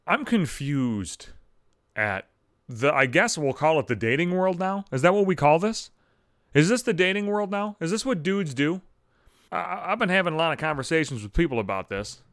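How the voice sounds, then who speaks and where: A man hosting his own show, telling a profane comic story in an animated rant and swearing freely. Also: a little high, normal speed, dry recording, clean studio sound. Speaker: host.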